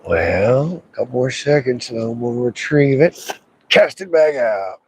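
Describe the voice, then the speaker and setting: A man of ordinary pitch chats his way through a fishing trip outdoors by a river. He mutters to himself and coaxes the fish in a loose, rambling livestream manner. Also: lively intonation, unhurried, gravelly, a little mellow, husky. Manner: chatty, talks to himself and the fish. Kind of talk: casual live commentary while fishing.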